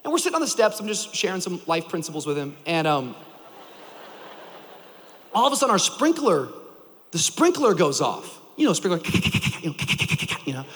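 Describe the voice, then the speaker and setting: High animated male pastor in a big hall. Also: moderate pace, pauses often. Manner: animated storytelling, shouting for emphasis. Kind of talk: sermon.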